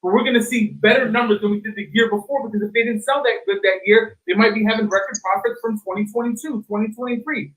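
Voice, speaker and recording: A man on a discussion panel who argues loudly and emphatically, swearing as he makes his points. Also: high-pitched, steady tone, fast, few pauses, rough recording. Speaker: panel guest. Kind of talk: heated panel debate.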